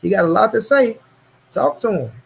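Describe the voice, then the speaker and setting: A man with a raised, slightly husky voice holds forth on his own channel. He talks right at his audience in street slang, swearing and repeating himself for emphasis. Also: high voice, lively intonation, normal speed, poor audio. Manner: profane, emphatic, repeats lines for stress; addresses viewers directly, street slang. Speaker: boxing commentary channel host. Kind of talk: casual ranting commentary.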